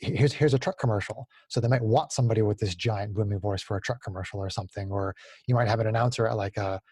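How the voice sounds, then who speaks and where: Low, mellow-voiced man, relaxed. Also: fast, slightly rough, no echo, clean studio sound. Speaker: podcast guest, voice actor. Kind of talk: casual interview chat.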